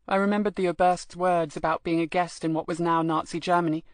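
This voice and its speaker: A woman reads a first-person novel aloud in a measured, expressive manner. Her voice sits on the low side. The recording is close and dry, with no room sound. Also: no echo. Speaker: audiobook narrator. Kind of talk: scripted first-person narration.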